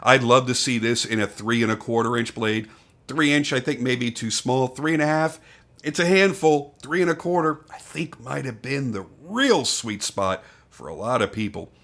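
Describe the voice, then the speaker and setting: A man's voice: mid-range voice, normal speed, a bit bright. An older man casually reviewing a knife, talking off the cuff with frank opinions, swearing and restarts. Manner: candid, swears, thinks aloud with restarts.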